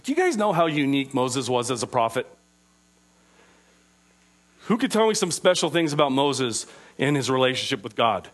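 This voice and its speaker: A man preaching an interactive sermon, asking his listeners questions and slowing down on key phrases. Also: mid-range voice, sing-song, slightly rough. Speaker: preacher teaching a group.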